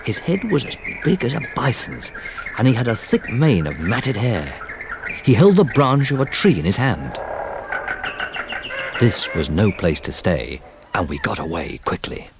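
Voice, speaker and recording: A man narrating a children's storybook recording in a lively, expressive telling. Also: fairly low pitch, measured pace, noisy background. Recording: old storybook record with music.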